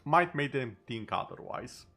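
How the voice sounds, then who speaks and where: A man's voice: medium pitch, animated, measured pace, sharp tone, faint music behind. A male streamer in casual chat over gameplay, talking easily and tossing in sarcastic asides.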